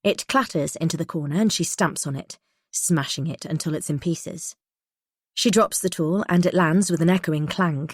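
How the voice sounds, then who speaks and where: Woman reading a tense thriller audiobook, lowish voice, dry close mic. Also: moderate pace, dry recording. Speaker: audiobook narrator. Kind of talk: first-person thriller narration.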